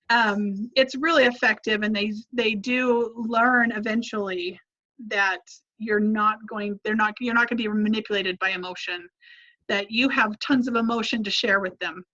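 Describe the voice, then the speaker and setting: A woman's voice: mid-range voice, bright, forceful tone, muffled recording. A woman who teaches a parenting class, answering a question casually with many restarts and examples of what to say to a child. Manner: conversational, many restarts, models phrases to say to kids. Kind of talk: advice in a live Q&A.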